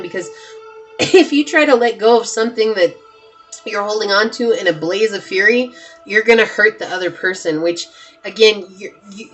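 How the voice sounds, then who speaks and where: A woman giving a casual pick-a-card tarot reading, earnest and emphatic, chatty with frequent "like" and quick restarts. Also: medium pitch, fairly bright tone. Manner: earnest and emphatic, often shifting into spiritual advice. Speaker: tarot reader.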